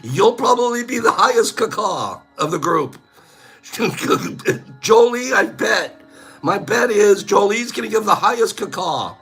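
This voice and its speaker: A man's voice: sits high, animated, measured pace, fairly bright tone, breathy edge, soft background music. A middle-aged man hosting a casual chat, goofy, often laughing and breaking into silly bird calls. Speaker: host.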